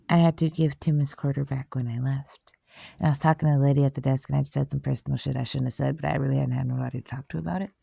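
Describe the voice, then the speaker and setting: A woman's voice: extremely low pitch, creaky, dark tone, slightly rough, no room sound. A woman chatting casually in a rambling way, swearing, laughing often and losing her train of thought. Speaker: vlogger.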